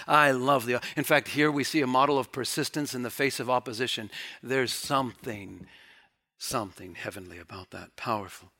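A man preaching a sermon, breaking into loud, excited bursts and then dropping to hushed, quiet emphasis, with playful mock taunts when he acts out quoted speech. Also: a little slow. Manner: animated, swings from loud bursts to hushed lows.

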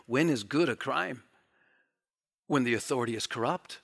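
A man preaching a sermon, breaking into loud, excited bursts and then dropping to hushed, quiet emphasis, with playful mock taunts when he acts out quoted speech. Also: moderate pace, vocal fry. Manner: animated, swings from loud bursts to hushed lows.

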